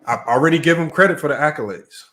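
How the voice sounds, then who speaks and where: A man hosting a live sports debate stream, talking in an animated, emphatic rant and often tagging sentences with "man.". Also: on the high side, rapid-fire. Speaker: sports debate livestream host. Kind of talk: casual livestream rant.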